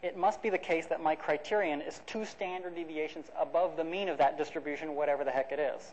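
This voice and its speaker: A man's voice: on the high side, steady tone, fast, a little mellow. Man, academic lecture, conversational, explanatory, fillers and restarts, dull lo-fi sound. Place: lecture hall.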